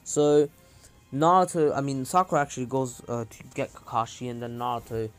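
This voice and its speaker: Casual male storyteller, mid pitch, rambly with fillers, faint music beneath. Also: brisk. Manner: rambling, with many fillers and throat clearing. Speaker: channel host.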